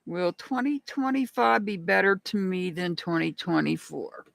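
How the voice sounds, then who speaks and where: A woman's voice: lowish voice, expressive, a little slow, vocal fry, no echo. A woman hosting a live rune reading stream, chatting casually and greeting viewers by name. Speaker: rune reader.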